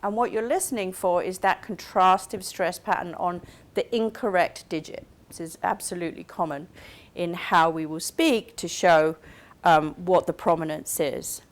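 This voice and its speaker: A woman with a lowish voice gives a recorded university lecture at a moderate pace. She explains things carefully, step by step, and checks in with her listeners using "okay?" and "right?".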